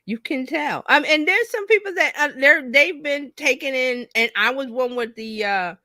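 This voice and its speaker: A middle-aged woman co-hosting a casual business chat, animated and jumping high in pitch when she quotes herself. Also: normal speed, dry recording, studio quality. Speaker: co-host, business coach. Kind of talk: casual live-stream chat.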